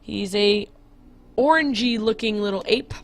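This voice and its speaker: A woman's voice: medium pitch, a little slow. A woman hosting a game video in casual, chatty commentary, giggling and often correcting herself.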